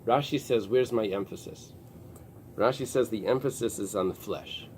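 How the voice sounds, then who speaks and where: A man teaching a Talmud class, pausing and restarting often as he explains the text. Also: fairly low pitch, a little mellow, slight background noise. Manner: explains in halting restarts with many fillers. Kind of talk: early-morning Talmud class. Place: synagogue study room with a small group.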